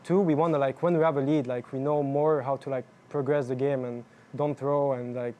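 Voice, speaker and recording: A young man, a professional gamer, answering post-match interview questions in halting, filler-heavy speech. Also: mid-range voice, steady tone, dark tone. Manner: halting, filler-heavy, non-native phrasing. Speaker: pro jungler interviewed after a match.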